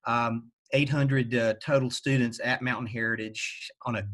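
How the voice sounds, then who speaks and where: A man with a Southern Appalachian accent answering interview questions at a halting pace, with lots of fillers. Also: medium pitch, steady tone, fairly bright tone. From western North Carolina. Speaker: guest, teacher.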